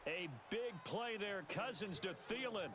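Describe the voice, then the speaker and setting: A man voicing a brisk play-by-play announcer in a football video game, calling each play. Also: high voice, animated. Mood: upbeat. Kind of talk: recorded sports play-by-play. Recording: game audio with crowd noise. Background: stadium crowd.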